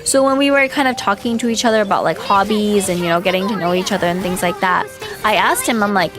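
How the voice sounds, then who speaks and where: A young woman chats on a livestream, gossipy and exasperated, with "like" in every other phrase. Her voice sits at an ordinary middle pitch, and faint music plays quietly beneath her talk. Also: quick pace. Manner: chatty, gossipy, lots of "like", laughs and exasperated outbursts. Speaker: vtuber streamer. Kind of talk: casual livestream storytime chat.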